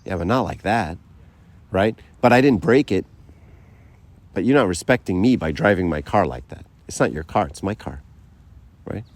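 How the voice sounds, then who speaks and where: Man, very low voice, casual teaching talk to a group, acts out quotes, checks in with "right?". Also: expressive, normal speed, dry recording. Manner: conversational, many fillers and asides like "right?"; tells stories by acting out quotes. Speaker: speaker giving a faith talk.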